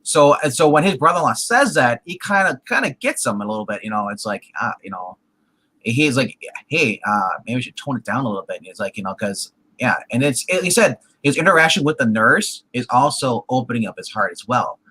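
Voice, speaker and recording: A man's voice: mid-range voice, sing-song, a little fast, bright, forceful tone, slightly rough, rough recording. A man co-hosting a casual TV review chat, rambling with lots of fillers and restarts. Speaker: co-host reviewing a TV show.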